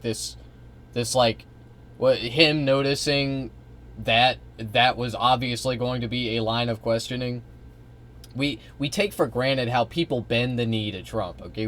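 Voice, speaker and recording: A man's voice: mid-range voice, a little slow, fairly bright tone. A young man streaming, reacting to a clip in casual, rambling talk full of fillers and swearing. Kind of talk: live stream reaction commentary.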